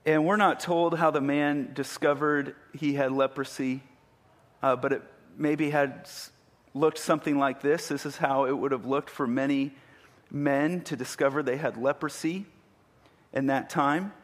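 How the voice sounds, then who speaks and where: A man's voice: fairly high pitch, fairly even intonation, measured pace. A man preaching a sermon, retelling a story vividly and building to emphatic peaks. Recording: long hall reverb.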